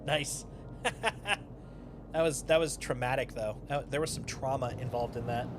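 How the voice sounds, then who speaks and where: A man's voice: medium pitch, steady tone, normal speed, very noisy. A young man streaming a game, chatting casually with playful, jokey asides. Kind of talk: casual gameplay commentary. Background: game music.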